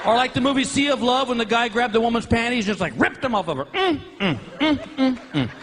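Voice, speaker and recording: A man performing a stand-up comedy routine on stage, telling animated stories and acting out quoted voices. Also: very high voice, very fast. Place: stage before a laughing audience. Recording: live show with audience noise.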